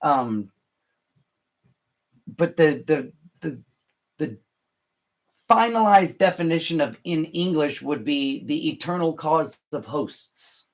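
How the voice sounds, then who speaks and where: A man hosting a podcast, explaining scripture in unscripted talk, halting and deliberate with frequent restarts. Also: a little high, expressive. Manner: halting, many restarts and fillers, slow and deliberate. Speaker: podcast host.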